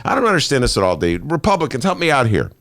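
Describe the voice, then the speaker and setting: A male talk show host speaks in a lively, swooping voice that rises and falls a lot. He is sarcastic and animated, and the sound is close and dry, as in a studio. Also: mid-range voice, fast talker, no echo. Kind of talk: casual political talk.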